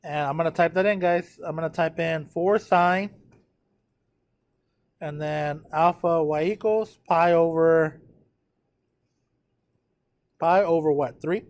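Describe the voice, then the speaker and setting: A tired man teaching a math class, talking students through a graph and checking in with them often. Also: a little high. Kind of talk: live classroom lecture at a whiteboard.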